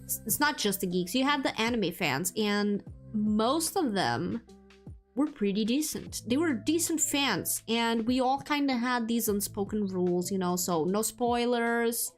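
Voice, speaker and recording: A woman's voice: on the high side, lively intonation, unhurried. Chatty young woman streamer, faint music. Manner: chatty, rambling, many fillers and restarts. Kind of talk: casual chat with viewers.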